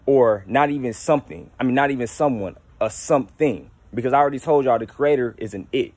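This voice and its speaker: A man's voice: mid-range voice, quick pace, few pauses, a little mellow, no room sound. A young man talking casually and candidly to his viewers at home, slangy and rambling with frequent restarts. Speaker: YouTuber. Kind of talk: casual spiritual monologue to camera.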